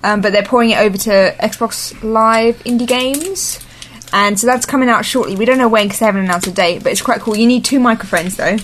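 Lively woman, higher voice. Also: brisk, slight background noise. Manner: lively, teasing, trailing off. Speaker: podcast co-host. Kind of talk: casual chat.

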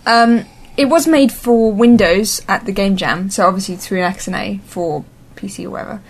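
A woman co-hosting a casual gaming podcast, lively and teasing, often trailing off. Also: medium pitch, normal speed. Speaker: podcast co-host. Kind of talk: casual chat.

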